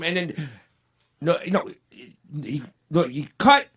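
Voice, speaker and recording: A man telling an anecdote on a talk show, animated and halting. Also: fairly high pitch, husky.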